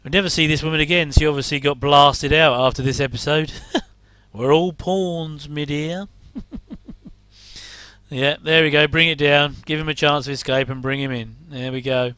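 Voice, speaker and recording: A man's voice: fairly high pitch, fairly even intonation, fairly quick, few pauses, sharp tone, smooth, dry recording. A middle-aged man giving rambling casual commentary while watching an old TV episode, with wry asides and chuckles.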